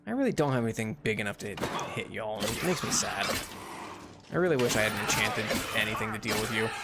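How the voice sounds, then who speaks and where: A man's voice: on the low side, fast talker. A man chatting casually while streaming a game, rambling with lots of fillers and restarts, laughing often and yelping at mishaps. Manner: yelps loudly at in-game mishaps. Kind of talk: casual live-stream chat. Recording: background game music.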